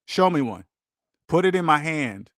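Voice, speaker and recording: Animated preachy man, dry sound. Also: on the high side, a little slow, no room sound. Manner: preachy, animated, acts out quoted voices. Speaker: finance channel host. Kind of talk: casual monologue on money.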